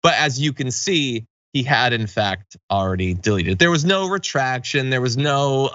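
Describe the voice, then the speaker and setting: A man's voice: medium pitch, moderate pace, bright, forceful tone, no room sound, highs cut off. A man hosting a political commentary show, delivering opinionated, mocking takes with sarcastic asides.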